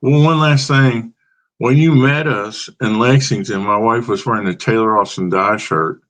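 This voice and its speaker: A man's voice: mid-range voice, normal speed, a bit bright. A man hosting a talk show, asking questions in a loose, easygoing way with "you know" fillers. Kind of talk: casual interview.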